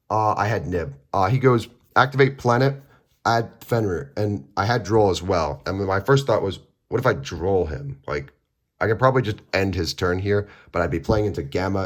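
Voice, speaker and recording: Young guy, low voice, chatty rambling recap, acts out the back-and-forth. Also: moderate pace. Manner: rambling, filler-heavy, acts out both sides of conversations. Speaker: card game player recapping a tournament. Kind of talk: casual storytelling vlog.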